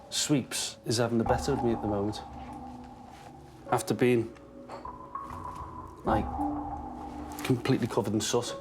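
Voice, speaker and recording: A man working as an animal welfare officer, talking casually on the job and calling to a cat in a high sing-song voice inside a house. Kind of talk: casual on-location talk. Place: indoors in a house by a chimney. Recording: on-location audio with loud music underneath.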